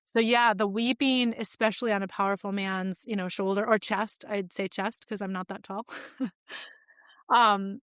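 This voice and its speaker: A woman's voice: mid-range voice, steady tone, unhurried, fairly bright tone, clear, resonant tone, no room sound, studio quality. A woman in her forties, a podcast guest telling personal stories in a candid, reflective, conversational way with frequent fillers.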